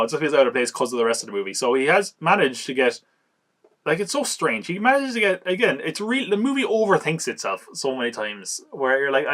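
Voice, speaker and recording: A man casually reviewing an action movie on a podcast, chatty and amused, recapping scenes and acting out quick quotes. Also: mid-range voice, fairly bright tone.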